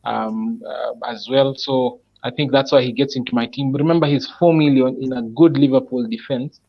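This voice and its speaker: A man's voice: mid-range voice, fairly even intonation. Man talking through ideas, muffled audio. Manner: thinks aloud, explains picks step by step with many pauses. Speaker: panelist presenting his fantasy football team. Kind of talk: casual online chat.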